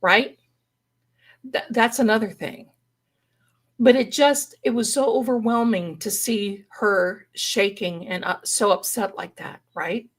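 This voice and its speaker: Woman storyteller, mid-pitched, colorful and dramatic, folksy asides to her audience. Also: slow. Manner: dramatic, folksy, addresses viewers as darlings. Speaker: paranormal storyteller guest. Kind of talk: live-stream storytelling.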